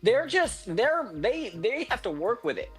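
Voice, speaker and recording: A woman's voice: a little high, measured pace. Sarcastic lady on a stream, voice swoops all over, music faint in the back. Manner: animated, sarcastic, quotes people in voices. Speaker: livestream guest. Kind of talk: casual chat.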